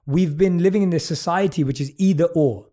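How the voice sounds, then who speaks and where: A man's voice: on the high side, a little fast, mellow. A British man interviewing a guest, effusive and full of praise, reading passages from her book aloud. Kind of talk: warm podcast interview.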